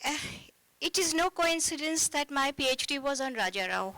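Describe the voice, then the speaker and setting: A woman author speaking reflectively at a festival panel, with frequent pauses and fillers. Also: high voice, lively intonation, bright, forceful tone, no echo, rough recording. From India.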